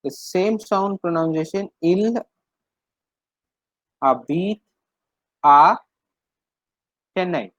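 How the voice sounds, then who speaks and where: A man leads an online French class with unhurried patience, circling back over each point and filling pauses with hesitations. His voice sits slightly high for a man. The sound is dry and close, as on a video call. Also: dry recording, poor audio. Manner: patient, repetitive explaining with many fillers. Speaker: French teacher.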